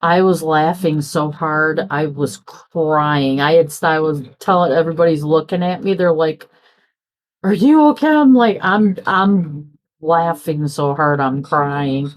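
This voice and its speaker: A middle-aged woman with a low voice talks in an unhurried, rambling way as she works on a craft. She drifts from one story to the next and slips into the voices of people she quotes. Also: steady tone. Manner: chatty, rambling, acts out quoted dialogue. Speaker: crafting vlogger. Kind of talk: casual chat while crafting.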